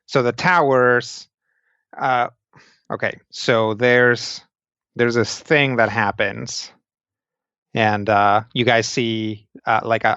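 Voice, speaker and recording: A low-voiced man narrating a tabletop game as game master. He talks slowly and meanders through scene descriptions. The recording is dry and a little dull. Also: a bit bright, clear, resonant tone, dry recording.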